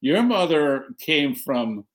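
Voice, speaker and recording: A man's voice: on the high side, slow. A man from the United States with a Southern Californian accent, a pastor talking casually and leading a spoken prayer, rambling a little with fillers. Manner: relaxed, rambling with fillers and restarts.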